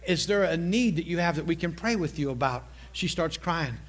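A middle-aged male pastor preaching a sermon, telling a story with lively asides and repeated phrases. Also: a little high, moderate pace.

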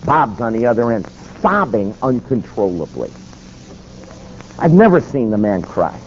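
A man's voice: medium pitch, very animated. A man preaching through a story, dramatic and acting out each exchange with sudden shifts of voice. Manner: dramatic, acts out dialogue with quick voice shifts. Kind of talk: animated sermon storytelling. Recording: dull, slightly lo-fi with faint noise.

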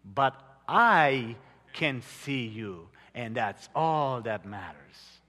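A preacher acting out a loving father calling up to his son. He calls out urgently, in a bright voice. A long hall reverb follows every word. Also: medium pitch, expressive, drawn-out words, voice pushed down, full character voice. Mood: tender.

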